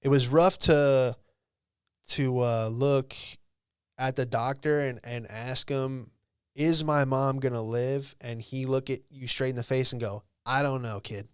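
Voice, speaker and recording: Young male podcast host, smooth clear voice, dry close mic, swears and rambles. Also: mid-range voice, steady tone, a little slow, no echo. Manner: profane, rambling, lots of "bro" and "dude". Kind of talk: casual storytelling monologue.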